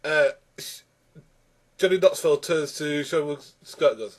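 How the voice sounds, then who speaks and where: A man's voice: on the high side, a little slow, pauses often. A man ranting through a film review, exasperated and rambling with many restarts.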